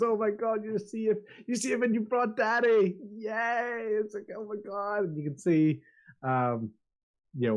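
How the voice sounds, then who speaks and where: A man, narrating as game master with many restarts and fillers. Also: mid-range voice.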